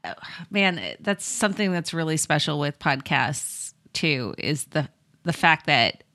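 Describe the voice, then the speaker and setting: A woman hosting a podcast in casual chat, friendly and quick to laugh as she thinks aloud. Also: low-pitched, animated, sharp tone, no room sound, clean studio sound. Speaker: podcast host.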